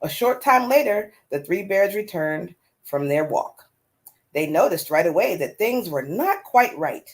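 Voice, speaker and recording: A woman reading a children's story aloud in an expressive, animated way. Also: lowish voice, a little slow. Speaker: storyteller host.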